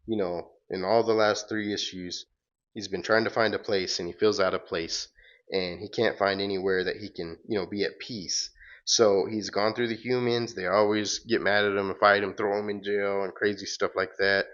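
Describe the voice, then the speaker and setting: A man with a lowish, fairly bright voice hosts a casual comic-book read-along, reading and recapping comics. He rambles, using fillers and correcting himself, and the lo-fi recording sounds dull.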